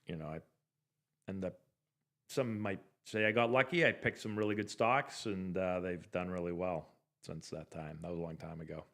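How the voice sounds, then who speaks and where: Rambling middle-aged man, lower voice. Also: steady tone, normal speed, a bit bright. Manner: rambling, loose, full of "like" and restarts. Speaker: former pro ballplayer hosting a live stream. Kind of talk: casual anecdotal storytelling.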